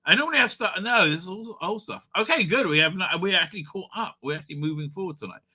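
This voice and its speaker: A man hosts a casual live stream in a high, piercingly bright voice. He rambles, swears freely and stumbles over stammered fillers. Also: lively intonation, quick pace, husky.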